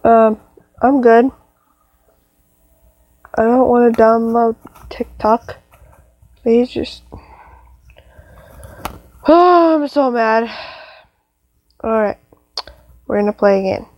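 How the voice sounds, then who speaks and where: A woman's voice: fairly high pitch, level tone, slow pace, pauses often, no echo, lo-fi sound. A young woman commenting on a horror game as she plays, jumpy and talking to her viewers. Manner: jumpy, exclaiming, talks to viewers. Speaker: gamer.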